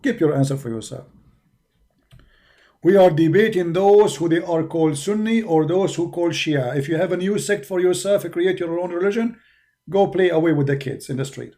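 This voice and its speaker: A man from the Arab world with an Arabic accent, speaking English as a second language with broken grammar, arguing forcefully in a preaching monologue. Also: a little high, normal speed. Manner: forceful, argumentative, with non-native grammar. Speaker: religious debater.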